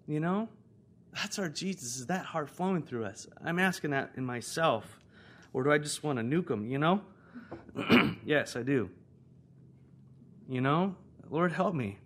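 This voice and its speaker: An American pastor preaches a sermon in a conversational style, swinging from loud emphasis to hushed, prayerful lines. His voice is a little high and animated, with a measured pace and long pauses.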